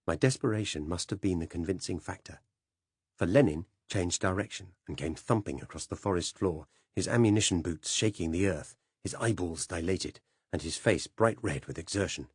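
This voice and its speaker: A man narrating an audiobook in a measured, dramatic first-person telling. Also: deep voice, breathy edge, no room sound, clean studio sound.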